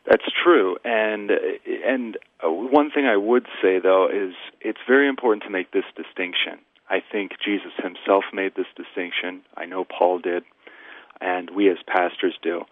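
A man with a fairly low voice talks like a pastor giving a sermon, driving points home with emphatic repetition. He comes through a thin, phone-like line that is dry, with no room around it. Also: unhurried, no echo. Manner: emphatic, repeats phrases for rhetorical build-up. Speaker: Lutheran pastor, guest. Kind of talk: radio interview, preaching tone.

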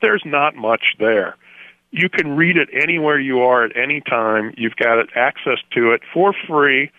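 A man's voice: mid-range voice, no echo. A man from Florida joins a radio talk on theology as a guest. His voice comes through a thin, phone-like line with no room sound around it. He talks with emphasis and animation and laughs easily. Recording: tinny phone line, dry.

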